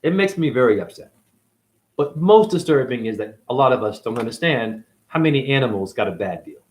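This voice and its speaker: A man's voice: mid-range voice, animated, brisk, a little mellow. A man delivering an angry, confrontational monologue as a self-styled spiritual teacher, swearing constantly. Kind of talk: profane ranting monologue.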